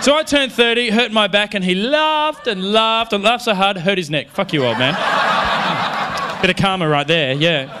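Guy in his 30s doing standup, keeps restarting lines, pokes fun at himself, voice a bit high, noisy room sound. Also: normal speed. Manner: self-mocking, animated storytelling with frequent restarts. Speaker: stand-up comedian. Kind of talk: stand-up comedy routine. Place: comedy venue stage before a live audience.

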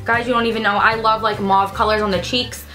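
A woman's voice: mid-range voice, little pitch movement, brisk, pushed and bright, faint music behind. A young woman vlogging casually at home, bubbly and gushing, squealing with delight as she talks. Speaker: beauty vlogger. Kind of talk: casual unboxing vlog.

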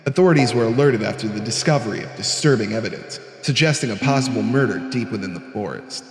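A young man putting on a lowered, measured newscaster voice to read an in-game news report. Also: echoey room, big-room sound, faint music behind, natural voice. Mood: solemn. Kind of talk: reading an in-game news note aloud.

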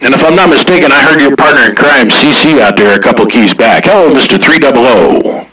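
A man's voice: mid-range voice, brisk, bright, forceful tone, breathy edge. A man chatting casually over a CB radio in a drawling, slangy manner, recorded from some distance. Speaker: CB radio operator.

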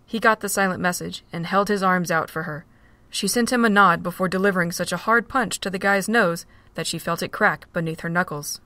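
A woman narrating a fan-made audio drama in a steady storytelling manner. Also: lowish voice, fairly quick, no room sound.

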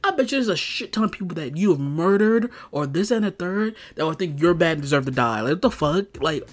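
A man's voice: sits high, big pitch swings, moderate pace. A man giving an exasperated, profane rant in a video review, stuffing his talk with "like". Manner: exasperated, profane, heavy use of "like". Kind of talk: ranting review.

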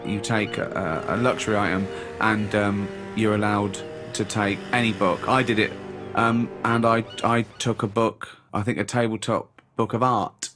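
A man's voice: lowish voice, steady tone, over music. Mocking, incredulous man. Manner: mocking, incredulous, quick to laugh. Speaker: host. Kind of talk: casual chat.

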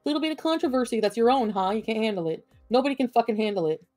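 A woman's voice: fairly high pitch, animated, very fast, darkish tone, no room sound, faint music behind. A woman streaming from home, ranting at her chat in a profane, combative and sarcastic way. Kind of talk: livestream rant at chat.

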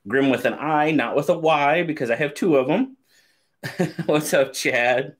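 A man's voice: on the high side, a little slow. A man hosting a casual live stream, upbeat and chatty, greeting viewers by name and a little out of breath. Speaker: knife channel host.

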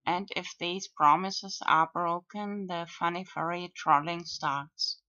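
A woman video blogger talking through her own comments in a monologue, with frequent pauses and fillers. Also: fairly low pitch, steady tone, bright, forceful tone, dry recording. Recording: dull lo-fi dry recording.

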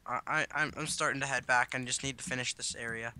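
A man chatting casually while playing a game, excitable and given to quick outbursts and exclamations. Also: medium pitch, clean tone. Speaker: co-player.

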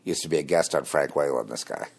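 A man with a deep, low voice delivering a rambling, combative monologue. He shifts between heated bursts and hushed, confiding asides, and he mocks his critics as he talks. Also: fast talker, gravelly. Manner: rambling and combative, mocking laughs. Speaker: host. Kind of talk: spoken monologue on religion and conspiracy.

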